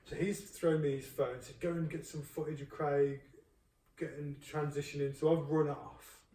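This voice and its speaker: A man, the host's friend, telling a story in an animated, casual way. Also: fairly high pitch, normal speed. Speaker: friend of the host. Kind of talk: casual chat. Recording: echoey room, distant mic, faint noise.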